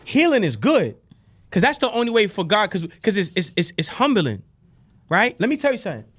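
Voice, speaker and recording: A man as a podcast guest, telling stories and preaching about faith in a loud, animated, profane way. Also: sits high, fairly quick, breathy edge. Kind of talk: casual podcast conversation.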